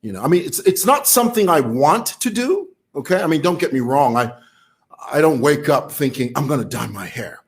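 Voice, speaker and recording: A man's voice: a little high, very animated, moderate pace. A man from Zambia with a Zambian accent, talking casually to camera as a vlogger who laughs while he talks. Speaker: vlogger commentator.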